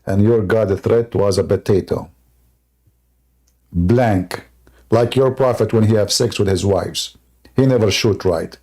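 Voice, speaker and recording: Gravelly-voiced man, sarcastic debate host. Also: fairly low pitch, a little slow, long pauses, dark tone. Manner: sarcastic, joking, laughs at his own jokes; non-native English grammar. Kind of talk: mocking live debate monologue.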